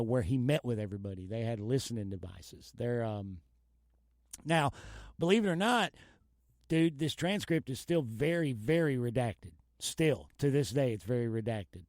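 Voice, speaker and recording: Male podcast host, mid pitch, relaxed and profane, dry close mic. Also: dry recording. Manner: laid-back, profane, laughs often. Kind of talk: casual podcast chat.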